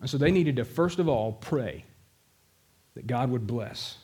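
A man in his middle years preaching, mixing personal stories with calls to prayer. His delivery is emphatic and direct, and his pitch sits at an ordinary middle height for a man. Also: expressive, measured pace, warm tone, husky. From American South. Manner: storytelling, emphatic, addresses the congregation directly. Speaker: pastor. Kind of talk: sermon.

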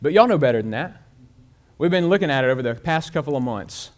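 Man preaching, slightly high voice. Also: expressive, fast. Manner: storytelling with shifts of pace and loudness. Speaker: pastor. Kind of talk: sermon.

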